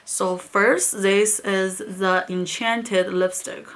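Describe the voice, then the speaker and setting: Young woman vlogger, bright, tense voice, exasperated casual rant. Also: mid-range voice, fairly even intonation, drawn-out words. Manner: exasperated, repeats "like" and "honestly" often. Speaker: beauty vlogger. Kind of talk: casual ranting storytime.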